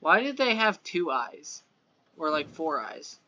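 Pria muda pemain game yang blak-blakan dan suka mengumpat, suaranya tinggi dan terang. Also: male voice, on the high side, sing-song, slow pace, bright, forceful tone. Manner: blunt, bossy, swears casually. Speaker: gamer. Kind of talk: casual let's-play chat.

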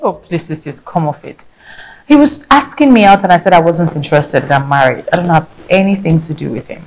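A woman's voice: medium pitch, animated, moderate pace, reverberant, natural voice, low-quality recording. A Nigerian woman playing a young married woman who brushes off talk of another man. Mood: dismissive. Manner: dismissive.

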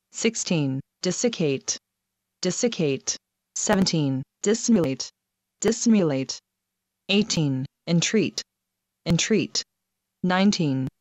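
A woman reading a numbered vocabulary list, saying each word twice in a measured, deliberate way. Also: lowish voice, no echo. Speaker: vocabulary reader.

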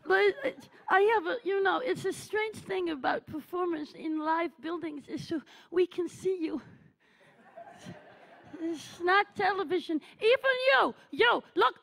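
A woman playing needy aging cabaret diva, high and gravelly. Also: fairly bright tone, exaggerated voice. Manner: gushing, melodramatic, needy, teasing the crowd. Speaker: cabaret performer. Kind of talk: live stage character comedy. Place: theatre stage at a festival.

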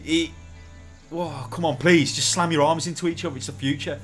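A man's voice: fairly high pitch, steady tone, moderate pace, fairly bright tone, faint music behind. Jokey esports caster, man. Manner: jokey, rambling, teasing. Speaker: esports commentator. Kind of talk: casual play-by-play commentary. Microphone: headset.

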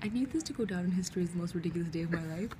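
A woman's voice: lowish voice, racing, warm tone. A young woman from Canada vlogging casually to a handheld camera, playful and self-mocking. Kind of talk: casual vlog chat to camera. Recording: busy crowd and street noise around.

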